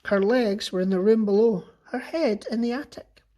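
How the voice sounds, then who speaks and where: A man teacher reading a children's book aloud with expressive, lively storytelling. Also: high voice, moderate pace.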